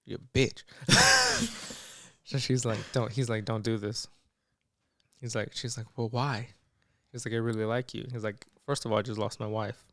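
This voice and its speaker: A young man co-hosting a podcast casually retells a movie plot, quoting characters with "he's like" and "she's like." His mid-range voice is bright and forceful, with lively intonation and a normal speed. The recording is studio quality with no room sound.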